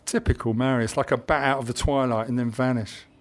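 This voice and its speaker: A man reading a historical adventure novel aloud in measured audiobook narration. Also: medium pitch, fairly even intonation.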